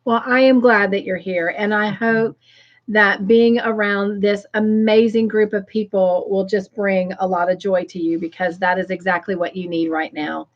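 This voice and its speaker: A woman hosting a livestream, greeting viewers by name and reading their comments aloud with effusive, excited warmth. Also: mid-range voice, moderate pace, dull audio. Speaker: livestream host.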